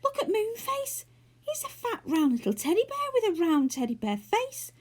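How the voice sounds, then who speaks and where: A woman's voice: extremely high pitch, moderate pace, voice pushed up. A woman voicing a fretful little girl who has turned into a doll in a storybook. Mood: excited. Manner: excited, fretful.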